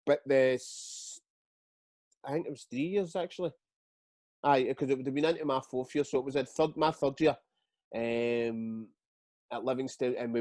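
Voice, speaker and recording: A Scottish man in his forties, a guest telling stories in a casual interview, halting and repeating words as he goes. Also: mid-range voice, no room sound. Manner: lively storyteller. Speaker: guest, retired footballer.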